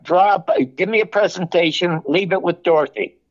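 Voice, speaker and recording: An older man, a television producer, telling animated stories in an interview and acting out the dialogue. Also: sits high, normal speed. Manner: animated anecdote-telling, acts out quoted dialogue. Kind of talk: storytelling interview. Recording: muffled, lo-fi audio.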